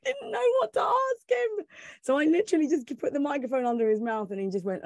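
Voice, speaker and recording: A woman, telling an animated personal story with laughs and acted-out quotes. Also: high-pitched, a little fast, no echo, clean studio sound. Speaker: former radio reporter telling a story.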